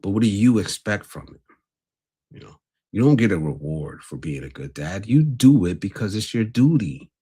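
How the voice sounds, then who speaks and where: A man's voice: lowish voice, big pitch swings, normal speed, dark tone, breathy edge. A man hosting a casual livestream, talking bluntly and earnestly to his viewers. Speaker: livestream host.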